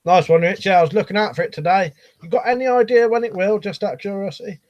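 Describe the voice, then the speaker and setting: Middle-aged male streamer, loose rambling chat with casual swearing, fairly high voice. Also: fast, a little mellow. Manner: rambling, swears casually, reads comments aloud.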